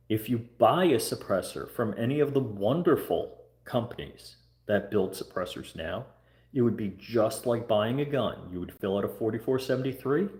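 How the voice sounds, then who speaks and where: A man with a fairly low voice talks straight to his livestream viewers. He is earnest and repeats himself as he walks them through phone scripts. The sound bounces around a roomy space at home. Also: darkish tone. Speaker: livestream host. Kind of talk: casual livestream talk. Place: home room.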